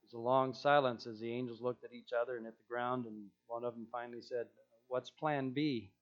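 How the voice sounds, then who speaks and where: A man's voice: mid-range voice, flat delivery, fast talker, highs cut off. Emphatic male pastor preaching. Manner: emphatic, repeats key phrases. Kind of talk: sermon.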